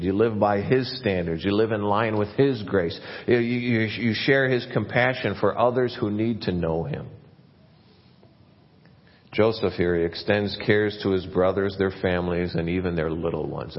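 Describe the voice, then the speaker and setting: Male pastor, low voice, earnest sermon, grows louder on key points, dull lo-fi church recording. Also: long reverb tail. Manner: earnest preaching, rising and getting louder when stressing a point.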